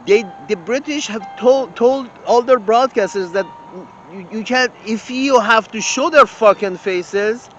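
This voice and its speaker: A man's voice: high voice, a little slow, muffled recording, a little hiss or hum. A man delivering an indignant, profane open-letter rant as host of his own channel, tripping over his words and restarting often. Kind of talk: ranting open-letter monologue.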